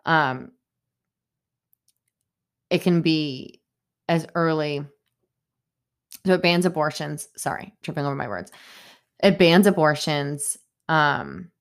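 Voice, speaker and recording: A woman's voice: low voice, animated, takes it slowly, long pauses. A young woman hosting a solo podcast, rambling stream-of-consciousness style with many fillers, upset and indignant as she talks. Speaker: podcast host. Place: home in Boston.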